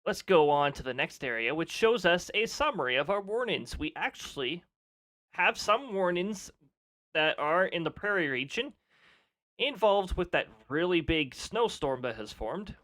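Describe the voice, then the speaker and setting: A man's voice: a little high, big pitch swings, unhurried, sharp tone. A man chatting casually on a live stream, laughing often and reading off weather details.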